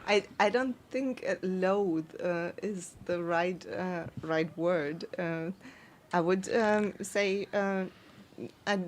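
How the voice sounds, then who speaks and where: A woman's voice: fairly low pitch, slow, a little hiss or hum. A woman guest in a casual chat, hesitant and thoughtful, with many fillers.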